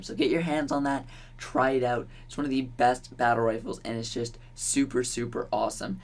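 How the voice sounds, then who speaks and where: A man's voice: medium pitch, creaky. Chatty young man hosting a gaming channel. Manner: chatty and offhand, with frequent ums and little laughs. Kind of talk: casual gaming commentary.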